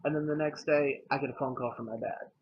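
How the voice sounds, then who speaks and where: A young man recounts a personal story straight to camera, earnest and openly emotional in a relaxed, conversational way. His voice sits at an ordinary middle pitch. The recording is slightly dull and lo-fi, with a faint hiss underneath. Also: fast talker. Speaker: vlogger.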